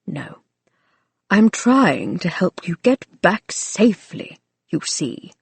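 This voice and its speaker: A woman voicing a gruff older male family servant who is stern but fond, speaking in a clipped, dry way. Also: lowish voice, sing-song, slow pace, no room sound, heavily acted.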